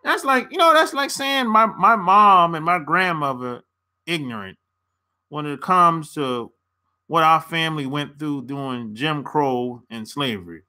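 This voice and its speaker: Animated, bright-voiced blunt American man. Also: on the high side, unhurried. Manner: blunt, animated, laughs often. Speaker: relationship coach vlogger. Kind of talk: casual opinion rant to camera.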